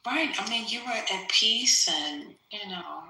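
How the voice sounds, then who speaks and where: A woman's voice: mid-range voice, expressive, slow, pushed and bright. An easygoing woman hosting a casual chat, laughing often. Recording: roomy echo.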